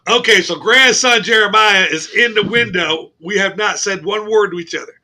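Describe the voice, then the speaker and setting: A man co-hosting a casual sports radio show, telling a long funny story, cursing, laughing and shouting as he goes. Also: high-pitched, normal speed. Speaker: co-host. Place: radio studio.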